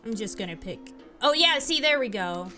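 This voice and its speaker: A woman's voice: fairly high pitch, expressive, normal speed, pushed and bright, soft background music. A woman playing a video game who reads its narration aloud and chats casually about her choices. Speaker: game streamer. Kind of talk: casual playthrough, reading game text aloud.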